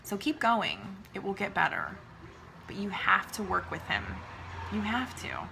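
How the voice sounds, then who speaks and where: A woman's voice: mid-range voice, big pitch swings, unhurried, vocal fry, bright, forceful tone, a little hiss or hum. A woman giving a chatty, emphatic motivational talk to her followers, often calling them "you guys".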